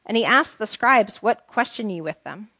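A woman's voice: mid-range voice, lively intonation, normal speed, sharp tone, no room sound. A woman teaching the Bible to a small group in a conversational way, asking them questions and reading scripture aloud.

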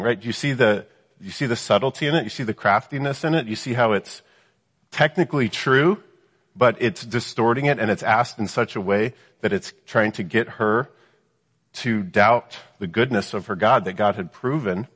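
A man with a low, slightly husky voice teaches from scripture, reading each verse and then unpacking it. He keeps checking in with his listeners through rhetorical questions. His voice carries a long reverb, as if spoken in a large hall. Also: normal speed, a bit bright. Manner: reads scripture then explains it, with frequent rhetorical "right?" questions. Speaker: preacher. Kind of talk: Bible teaching sermon.

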